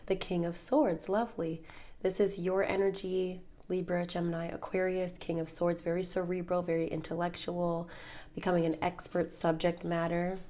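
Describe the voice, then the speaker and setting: A tarot reader with a lowish, mellow, level voice gives a casual reading to camera from her room at home. At a moderate pace, she chats and rambles, calling her viewers babe and baby.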